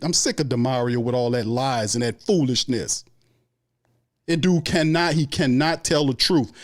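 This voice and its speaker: A man hosting a fan stream launches into a heated, profane rant, hammering the same points again and again. His voice sits at an ordinary mid pitch and he talks in blunt, furious bursts. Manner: angry, profane, repetitive ranting. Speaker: sports show host.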